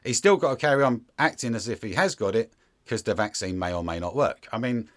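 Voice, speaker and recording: A man in a casual interview chat, talking in a sarcastic, animated way and slipping into mocking voices. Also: lowish voice, fairly quick.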